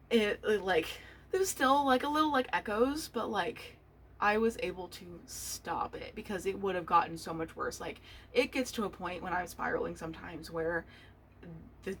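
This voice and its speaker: A young woman with a slightly low voice speaks candidly in a casual solo podcast, swearing often and trailing off to restart her thoughts. A faint hiss of background noise sits under her voice. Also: a bit bright, rough recording. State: choked up, tearful. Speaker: podcast host. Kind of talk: personal solo podcast talk.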